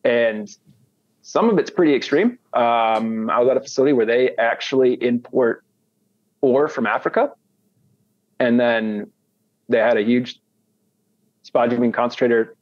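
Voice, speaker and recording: A man's voice: mid-range voice, a little slow, long pauses, no echo. An American man talking casually as an interview guest, rambling with many restarts. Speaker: guest, commodity trader. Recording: dull, dry sound.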